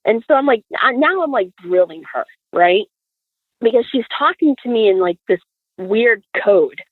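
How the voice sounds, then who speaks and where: A woman, a podcast guest, telling a story in casual conversation, animated and acting out the dialogue. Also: on the high side, normal speed, dry recording. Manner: animated, acts out quoted dialogue. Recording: dry, phone-like audio.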